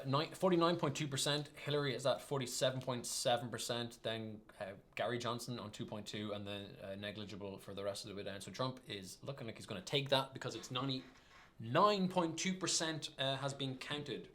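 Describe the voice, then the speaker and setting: A man's voice: medium pitch, fairly quick, a bit bright, slight background noise. A young adult Irish man and stand-up comedian co-hosting a livestream, talking casually with dry, wry humor. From Ireland.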